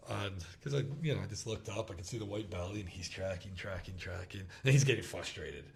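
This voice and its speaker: A man in his thirties telling a hunting story in casual chat, acting out the quotes with quick laughs. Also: sits low, expressive, creaky, a little mellow. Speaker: podcast host. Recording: roomy with faint background noise.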